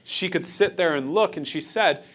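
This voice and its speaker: In a conference room, a man runs a workshop for a live audience, his voice slightly high and a little bright at an ordinary pace. He keeps things casual and engaging, cracking jokes with the crowd.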